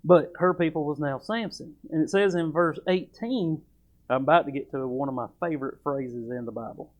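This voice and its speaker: A man's voice: on the high side, normal speed. A man preaching a sermon at a church service. He talks in a folksy, emphatic way and reads old scripture aloud. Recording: dull lo-fi church recording.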